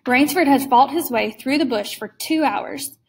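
A woman reading a story aloud in a measured way, slowing down for suspense. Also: high-pitched, recorded from a distance. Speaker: reader. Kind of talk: read-aloud story narration.

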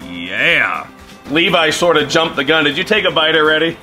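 A man's voice: fairly high pitch, sing-song, moderate pace, sharp tone, soft background music. A middle-aged man hosting a casual cooking video in his garage, chatty and laughing often. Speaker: griddle cooking video host. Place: home garage.

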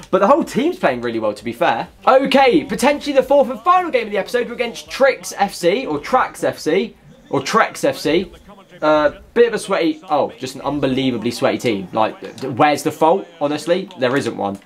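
A young man giving excitable, jokey live commentary over a football video game, often bursting into shouts. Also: a little high. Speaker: gaming YouTuber.

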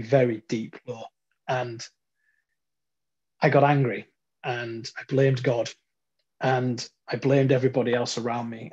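A man's voice: medium pitch, a little mellow, slightly rough, dull audio. A middle-aged man from the UK giving an earnest, reflective personal testimony from his front room at home. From United Kingdom. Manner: reflective and earnest, with frequent ums. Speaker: speaker sharing his life story.

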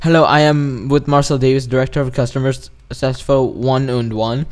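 A man doing a put-on Indian accent, reading game notes aloud as a stiff, formal narrator. He stumbles and restarts as he reads, his pitch sitting in an ordinary middle range. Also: steady tone, a little fast, lightly acted. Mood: mock formal.

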